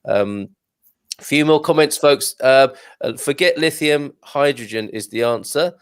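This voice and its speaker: Male host, gravelly tone, dry close sound, casual and chatty, reads comments with off-the-cuff asides. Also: medium pitch, a little slow, dry recording. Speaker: show host reading viewer comments. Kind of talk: casual live-stream chat.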